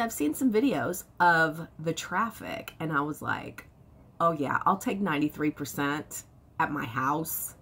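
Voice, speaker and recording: Excitable, husky-voiced woman in her fifties. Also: sits low. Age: 50s. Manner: excitable, animated storytelling with laughs. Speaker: vlogger. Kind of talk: casual chat to camera.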